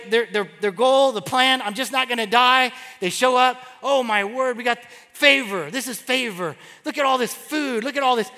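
A man pastor preaching a sermon in a church, animated and acting out quoted voices as he tells the story. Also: high-pitched, in a large hall. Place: large church hall.

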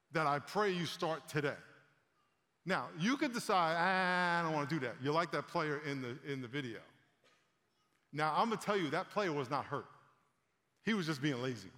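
Animated and conversational, a preacher in his fifties tells stories through his sermon, speaks directly to the congregation, and keeps circling back to repeat words. A large church room gives his fairly high male voice a long hall reverb.

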